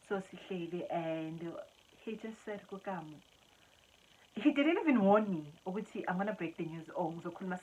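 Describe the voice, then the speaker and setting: A woman's voice: fairly low pitch, a little mellow, slight background noise, rough recording. A young South African woman telling a story-time vlog, chatting casually and mixing English with isiZulu. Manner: chatty, switching between English and isiZulu mid-sentence. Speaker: vlogger.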